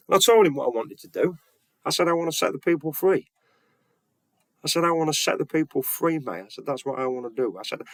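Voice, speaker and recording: A man's voice: mid-range voice, creaky, fairly bright tone, no echo. A man telling a story in a casual monologue, retelling conversations bluntly and earnestly. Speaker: vlogger.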